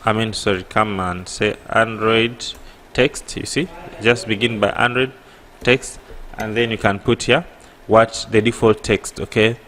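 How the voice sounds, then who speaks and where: A man with an East African accent teaching an app coding tutorial, halting and correcting himself, often pausing with a rhetorical "what?". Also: on the low side, fairly even intonation, a bit bright. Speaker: programming tutor. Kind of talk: screen-recorded coding tutorial.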